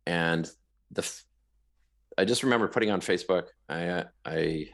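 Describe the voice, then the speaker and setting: Gravelly low-voiced man telling his story. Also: moderate pace. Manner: animated, repeats words, rambling asides. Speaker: guest. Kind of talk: casual storytelling interview.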